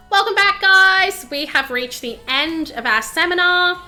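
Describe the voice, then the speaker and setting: A woman's voice: extremely high pitch, animated, a little slow, hardly any pauses, sharp tone, soft background music. A woman streamer chatting casually to her live audience in a bubbly, talkative way, full of fillers. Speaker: VTuber streamer. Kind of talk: casual livestream chat.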